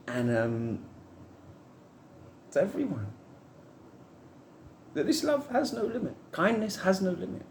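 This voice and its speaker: A man's voice: mid-range voice, darkish tone, roomy sound, slight background noise. A man giving a rambling, heartfelt spiritual monologue to camera, musing on love and trust.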